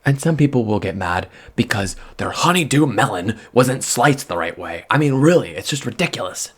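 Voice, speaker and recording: Soft-spoken man rambling at a microphone. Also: medium pitch, moderate pace, slightly rough. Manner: rambling, swings from soft murmurs to excited outbursts. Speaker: vlogger. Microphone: close microphone.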